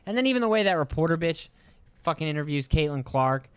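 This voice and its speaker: A young man hosts his own podcast in a loud, mocking solo rant, swearing freely and mimicking the people he talks about. His voice is smooth and clear, recorded close and dry with no room sound. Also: on the high side, expressive, fast talker, no room sound. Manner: profane, mocking, heated rant with put-on voices. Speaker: podcast host. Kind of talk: ranting solo podcast commentary.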